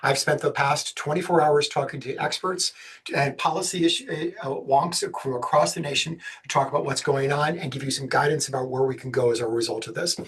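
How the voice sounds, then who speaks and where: A man from the States, giving a webinar presentation on special education law in a fast, energetic way with jokey asides. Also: on the high side, breathy edge. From Southern United States.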